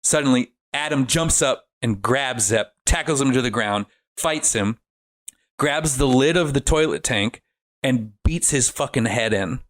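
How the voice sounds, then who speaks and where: A man's voice: mid-range voice, measured pace. A man on a casual podcast, animatedly retelling a film's plot and swearing freely as he goes. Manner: animated storytelling with frequent swearing. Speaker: guest. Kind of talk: casual podcast film recap.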